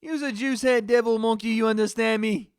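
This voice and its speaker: A loud, high, swaggering Irish fighter with a cocky bark, as a man puts on the accent. He brags and curses in a brash, taunting way, raising his voice well above his own talk. The sound is close and dry. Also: fairly even intonation, fairly quick, clear, resonant tone, dry recording. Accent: put-on Irish. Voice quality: boastful, swaggering, profane.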